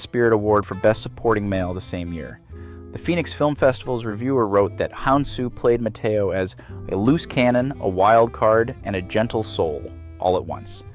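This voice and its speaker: Low-voiced, measured video essay narrator. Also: male voice. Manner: measured, analytical. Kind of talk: scripted narration.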